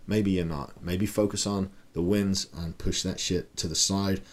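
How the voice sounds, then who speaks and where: A middle-aged man with a fairly low voice delivers a casual motivational monologue. He is a podcast host who swears freely and keeps asking his listeners rhetorical questions. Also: fairly even intonation, measured pace. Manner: blunt, profane, pep-talk delivery with many rhetorical questions.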